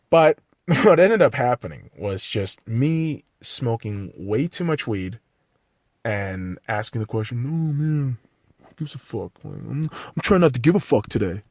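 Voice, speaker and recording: A man's voice: medium pitch, no echo, clean studio sound. A man hosting a solo podcast, ranting profanely and criticizing himself between blunt pep-talk asides. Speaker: podcast host.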